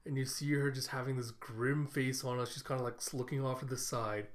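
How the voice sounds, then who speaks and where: A man's voice: mid-range voice, fairly even intonation, a little fast. A man hosting an anime reaction, recapping the episode in a chatty, amused way. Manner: chatty, amused, laughs often.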